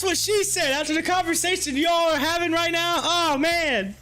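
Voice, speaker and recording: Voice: very high voice, normal speed, hardly any pauses, soft background music. A livestream host commenting on stock charts, laughing often and reading viewer comments aloud. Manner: giggly, laughs often, excitable. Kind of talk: live-streamed market commentary with chat reading.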